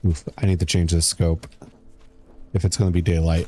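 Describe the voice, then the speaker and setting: A man's voice: deep voice, flat delivery, moderate pace, mellow, slight background noise. A young man streaming a game, chatting casually, reading chat aloud and muttering as he plays. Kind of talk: casual gameplay commentary.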